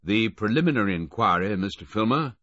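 Brief: man reading a formal brigadier, smooth and measured, low and husky. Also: lively intonation, a bit bright, no room sound. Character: smooth, formal older military officer. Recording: dull, dry lo-fi audiobook recording.

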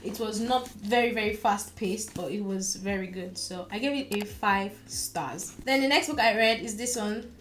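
A woman's voice: medium pitch, moderate pace, hardly any pauses, a bit bright, faint music behind. A young woman chatting casually about books she has read, gushing and repeating words for emphasis. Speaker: book reviewer. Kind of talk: casual book review chat.

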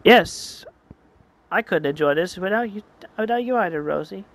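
A home narrator voicing a gentlemanly male creature sweetheart who speaks in courtly endearments. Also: medium pitch, lively intonation, normal speed, lightly acted. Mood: tender.

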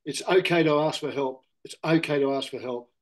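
A man's voice: fairly high pitch, a little fast. A middle-aged Australian man in casual candid conversation, rambling and correcting himself, often saying mate. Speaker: interview guest.

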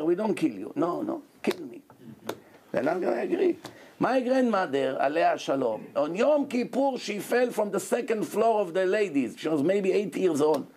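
Animated preaching man. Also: high-pitched, moderate pace, slight background noise. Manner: animated preaching with acted-out quotes. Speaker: rabbi. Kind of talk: sermon.

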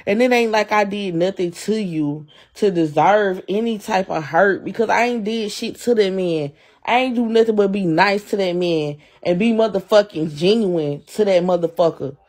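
A woman's voice: mid-range voice, moderate pace, few pauses, a little mellow. A young adult woman on a livestream, ranting in a heated, profane, repetitive way and answering her chat. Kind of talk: angry live-stream rant.

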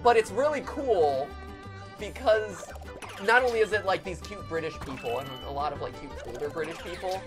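An animated young woman whose pitch swings widely as she chats on a gaming stream. Game music runs steadily behind her. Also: moderate pace. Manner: animated, acts out dramatic TV voices while chatting. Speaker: co-host of a gaming livestream. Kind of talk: casual chat.

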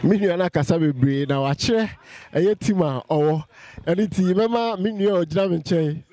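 A man with a Ghanaian accent runs a casual street interview, throwing out lively, teasing questions. His voice sits a little high. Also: moderate pace, no echo.

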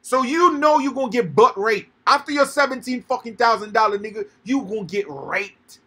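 A man's voice: extremely high pitch, moderate pace, bright, forceful tone, husky. A young man talking heatedly and profanely in a casual podcast chat, preaching to his listeners. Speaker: podcast co-host.

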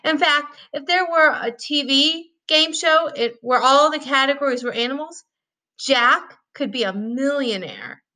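A woman's voice: sits high, a little slow, bright, forceful tone, voice pushed up. Woman voicing an earnest young schoolgirl. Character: young schoolgirl, kind and a bit worried.

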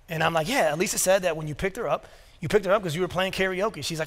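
A man's voice: high-pitched, fast talker, a bit bright, a little hiss or hum. A man in his thirties preaching a sermon, telling family stories with casual asides and quoted dialogue. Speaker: pastor. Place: church sanctuary. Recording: long reverb of a church hall.

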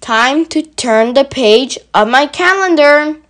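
A gentle bear , read by a woman, muses over each word at an unhurried crawl. He sounds calm and thoughtful, a little high in tone. It is a storybook reading. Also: heavily acted. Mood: musing. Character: gentle honey-loving bear, male, slow and thoughtful.

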